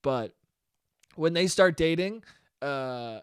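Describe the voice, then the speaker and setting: Young guy doing a sweary solo rant, kinda high voice, super dry close sound. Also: expressive, slow pace, smooth, no room sound. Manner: profane, rambling, laughs at his own jokes; slips into mock voices. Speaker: podcast host.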